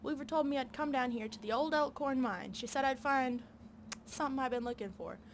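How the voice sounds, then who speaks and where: A woman voicing an earnest backwoods woman with a soft Southern drawl, reading game dialogue aloud. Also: high voice, brisk, slight background noise.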